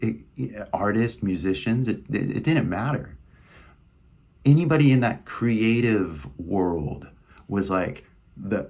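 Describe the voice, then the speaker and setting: A young man with a Californian accent teaches a casual English lesson in a lowish voice with a breathy edge. He's chatty and loose, filling his talk with "like" and "right?"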